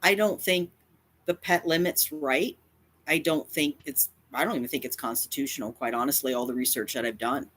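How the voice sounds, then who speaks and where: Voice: mid-range voice, normal speed, a bit bright. A YouTuber speaking straight to camera in a confrontational rant, defiant and emphatic, often repeating lines for effect. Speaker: cat advocacy YouTuber.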